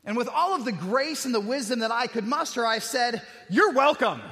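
A man preaches in a conversational way, weaving personal anecdotes and self-deprecating humor into his message. His voice sits unusually high and has a bright, forceful edge. The sound carries a long hall reverb. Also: a little fast. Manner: conversational, self-deprecating storytelling with rhetorical questions. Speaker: pastor. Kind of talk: sermon with personal stories.

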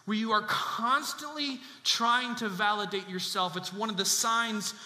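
A male pastor with a high, very bright and ringing voice preaches with emphatic conviction, often repeating his key lines. He is heard in a large church space, with strong echo and a long reverb tail. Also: fairly even intonation, unhurried. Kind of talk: sermon.

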